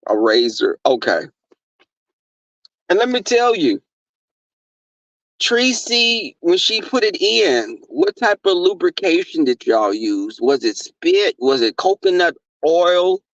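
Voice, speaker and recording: A man's voice: on the high side, sing-song, slow, long pauses, a bit bright, no room sound. A man in his twenties hosting a casual livestream, telling a profane, gossipy story and answering chat. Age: 20s. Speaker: livestream host reading chat. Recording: dull lo-fi dry sound.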